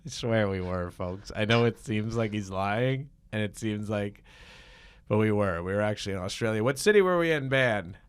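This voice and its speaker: A man's voice: fairly low pitch, expressive, normal speed, clear, resonant tone. A man hosting a comedy podcast, joking and rambling, laughing often before an improv scene. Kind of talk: casual comedy chat.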